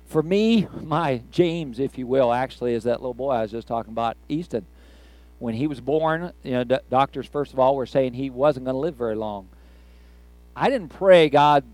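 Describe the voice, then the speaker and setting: An older man, a grandfather, preaching a sermon in a conversational, folksy way with halting restarts. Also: mid-range voice, darkish tone, dry recording.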